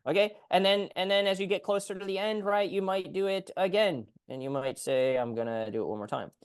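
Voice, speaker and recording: Animated male physical therapist coaching. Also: sits high, a little fast, smooth. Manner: animated, acts out client voices. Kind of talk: coaching call advice.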